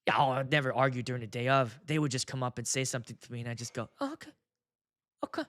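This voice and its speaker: A man's voice: medium pitch, fairly even intonation, rapid-fire, fairly bright tone. A man in his thirties, a wedding DJ, talking in a blunt, profane, casual monologue. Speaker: wedding DJ and video host.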